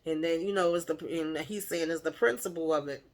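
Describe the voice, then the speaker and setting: A woman recapping a TV episode in casual chat, acting out the characters' lines with animated shifts in voice and laughing along. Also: deep voice, fairly quick. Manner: animated retelling, playfully acts out the characters' lines; laughs while retelling. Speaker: TV show recapper.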